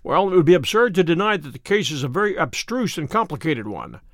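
Guy voicing holmes, brisk thoughtful detective, lively up-and-down voice, dry close sound. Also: a little high, no room sound. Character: Sherlock Holmes, brisk, musing male detective.

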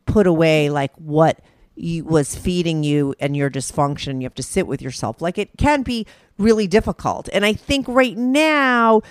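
A woman's voice: on the low side, lively intonation, normal speed, clear, resonant tone, no echo, clean studio sound. A woman hosting a candid conversation, giving frank, direct advice.

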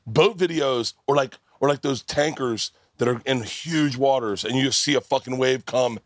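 A male comedy podcast host chatting casually with guests on a live festival stage. He tells stories with animated energy and drops swear words freely. His voice sits at an average pitch and comes across dry and close to the mic. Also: normal speed, no echo.

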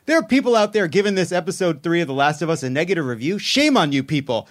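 A man's voice: on the high side, sing-song, fast, hardly any pauses. A man co-hosting a comedy podcast, delivering a sarcastic, mock-outraged monologue that builds to emphatic peaks. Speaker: podcast co-host. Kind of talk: comedic monologue, casual chat.

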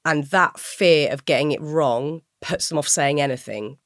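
A woman's voice: a little slow, no room sound, studio quality. A woman co-hosting a podcast, giving earnest advice and laughing easily. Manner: earnest advice, then bursts into high laughter. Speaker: podcast co-host. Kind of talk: casual podcast chat.

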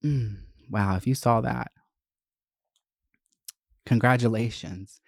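A young adult vlogger telling a school story in a profane, animated, gossipy way. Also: medium pitch, takes it slowly, vocal fry, no echo, clean studio sound. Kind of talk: casual storytelling.

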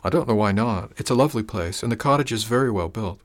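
A man's voice: lowish voice, fast, lightly acted. A man voicing a kindly old herbalist woman. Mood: gentle. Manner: gentle, reassuring, homely. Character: kindly older woman herbalist, motherly and wry.

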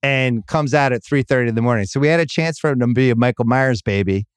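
Smooth wry middle-aged man telling a story. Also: mid-range voice, fast, no room sound, clean studio sound. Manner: wry storyteller, self-mocking. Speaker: podcast host. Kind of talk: casual chat.

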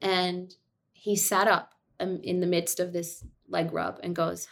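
A woman's voice: lowish voice, unhurried, gravelly. A woman in her thirties, a guest on a podcast, telling a family story in casual chat and acting out the lines she quotes. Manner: animated storyteller, acts out quotes, laughs easily. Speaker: podcast guest, actor and director.

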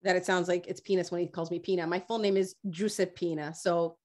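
A woman's voice: lowish voice, little pitch movement, brisk, a crowd in the background. A woman on a comedy panel giving wry, teasing answers.

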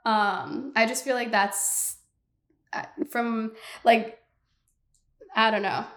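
A woman's voice: fairly high pitch, slow pace, roomy sound. Young woman ranting on her podcast. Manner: animated, blunt, exasperated ranting with laughs. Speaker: podcast host. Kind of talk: solo podcast rant.

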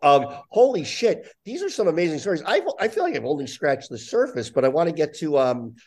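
A man's voice: fairly high pitch, sing-song, brisk, darkish tone. A man hosting a podcast, teasing his guest in a dry way and asking him questions. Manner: dry, teasing, with short agreeing replies. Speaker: podcast host. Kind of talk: casual chat.

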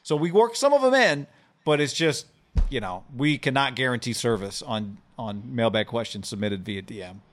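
A man's voice: mid-range voice, lively intonation, fairly bright tone, slight background noise. A man co-hosting a casual sports podcast, rattling through ad reads and mailbag questions. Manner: rapid ad reads, playful. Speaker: podcast co-host.

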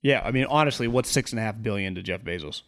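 A man co-hosting a sports podcast, telling animated, jokey stories in casual banter. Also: lowish voice, fast. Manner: animated storyteller, jokey asides. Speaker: sports talk podcast co-host.

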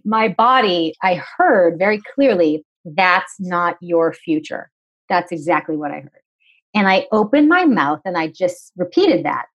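A woman in her forties from New England speaks as a guest on a podcast. Her voice sits low for a woman. She tells her story in a lively, articulate way, acts out the dialogue, and explains ideas clearly. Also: moderate pace, lo-fi sound. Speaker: podcast guest, nutritionist and author. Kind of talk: conversational storytelling interview.

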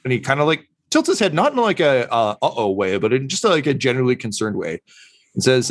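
Lively, hesitant man as game master. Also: mid-range voice, a little fast, no room sound. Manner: hesitant, many "um" and "uh" fillers. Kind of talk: narrating a tabletop game.

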